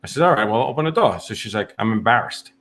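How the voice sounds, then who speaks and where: A man's voice: mid-range voice, animated, fast, a bit bright. A man, a firefighter co-hosting a podcast, rambling through a story and acting out the quotes. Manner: rambling, laughs mid-story, acts out quotes. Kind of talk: casual chat, storytelling.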